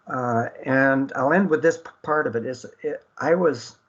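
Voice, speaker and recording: A man's voice: medium pitch, moderate pace, muffled recording. A man hosting an internet radio talk show, speaking earnestly with many fillers and restarts.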